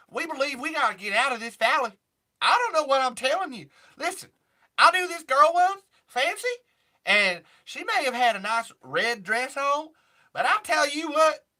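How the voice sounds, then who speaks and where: A man doing a comic impression of a feisty woman, a tough single mom who talks in a loud twangy drawl. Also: extremely high pitch, pitched above the performer's own voice, heavily acted.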